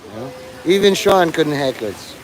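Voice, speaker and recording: In poor audio, a middle-aged man with a fairly high, sing-song voice takes his time as he rambles on a livestream. He's out in the rain by traffic, cursing and cracking crude jokes to himself.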